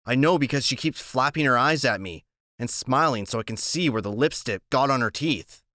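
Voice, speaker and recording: A man's voice: mid-range voice, normal speed, no room sound. Man narrating an audiobook, dry sound. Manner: steady, plain storytelling. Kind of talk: first-person audiobook narration.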